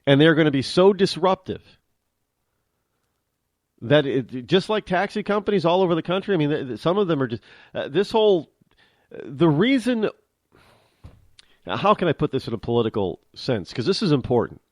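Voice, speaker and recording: A man's voice: a little high, very animated, moderate pace, long pauses, no echo, clean studio sound. A man hosting a talk show, delivering an opinionated monologue with emphatic restarts and repeated words.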